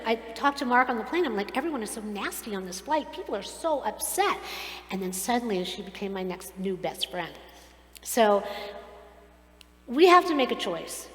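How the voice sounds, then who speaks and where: A woman rabbi giving a sermon, telling stories in an animated, earnest way. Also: fairly high pitch. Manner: animated storytelling, earnest and preachy. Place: synagogue sanctuary. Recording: echoey hall, long reverb.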